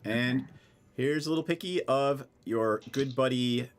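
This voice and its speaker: A man narrating a tabletop game as game master, chatty and halting. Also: mid-range voice, slight background noise. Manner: chatty, halting with fillers and restarts.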